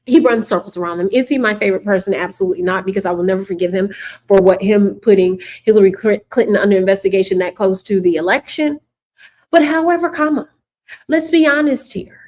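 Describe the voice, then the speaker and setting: A woman's voice: mid-range voice, fast talker, darkish tone. A woman hosting casual political commentary, sarcastic and emphatic, repeating her points for the viewers.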